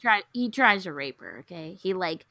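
A young woman casually recapping a film plot, acting out the characters' lines with lively swings. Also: on the low side, normal speed, dry recording. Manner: animated storyteller, acts out characters' lines. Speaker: podcast co-host recapping a film. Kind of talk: casual chat.

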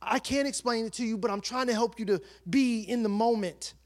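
A male pastor preaching a sermon, reading scripture and telling a personal story with animated, shifting delivery. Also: extremely high pitch, fairly quick. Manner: animated storytelling, shifting between soft and loud.

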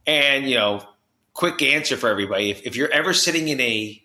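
Energetic podcast guest from New Jersey, bright voice, acts out the people he quotes, slightly echoey room. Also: mid-range voice, brisk. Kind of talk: personal storytelling in a podcast interview.

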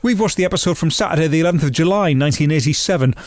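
A man's voice: on the high side, rapid-fire, no room sound. A man co-hosting a podcast, mixing wry casual chat with scripted narration. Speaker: podcast co-host. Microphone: studio mic.

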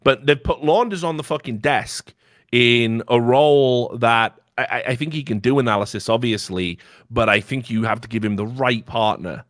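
A man's voice: medium pitch, normal speed, a bit bright, dry recording, clean studio sound. A man on a podcast in casual, opinionated chat, ranting bluntly and swearing freely. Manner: blunt and profane, heated ranting. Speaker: podcast host.

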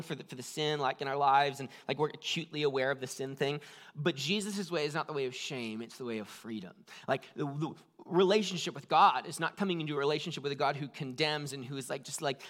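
A man's voice: fairly high pitch, fairly bright tone. A man preaching a conversational sermon, full of "like" fillers and shifting emphasis. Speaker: pastor.

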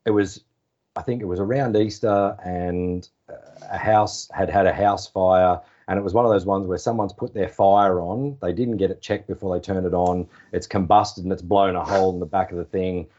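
A very low-voiced Australian man in his forties tells anecdotes in an easygoing, chatty way. His tone is dark and mellow, and he acts out the phone calls he quotes. The podcast audio sounds slightly dull. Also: steady tone, normal speed. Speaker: podcast guest, former sports journalist. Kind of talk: casual storytelling interview.

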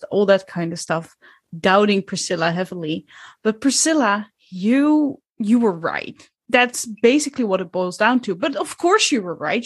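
A woman running a tabletop game as game master, narrating in an unhurried, descriptive way with small hesitations. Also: medium pitch, husky, no room sound.

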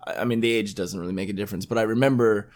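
Young male podcast host, slightly low voice, laid-back, self-deprecating humor. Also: steady tone, very fast. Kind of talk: casual family chat podcast.

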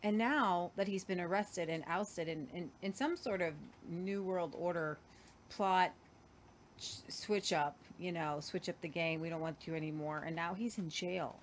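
A woman's voice: lowish voice, measured pace, slight background noise. A woman co-hosting a casual weekly news show, rambling and hesitant as she lays out the stories. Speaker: co-host.

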